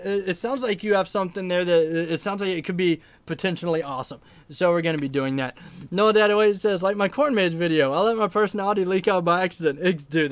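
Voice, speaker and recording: A man in his thirties hosts a casual livestream. His voice sits high, and he tells stories with lots of laughter and filler words. The sound is dry and close. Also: clear, resonant tone, no room sound. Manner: animated storyteller, laughs often, many fillers. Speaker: livestream host reading chat.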